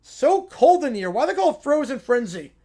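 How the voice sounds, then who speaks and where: A man's voice: extremely high pitch, sing-song, normal speed, dark tone, voice pushed up, full character voice. A man voicing a whining, sulky preschool boy who complains about everything. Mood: whiny. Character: whiny crying little preschool boy.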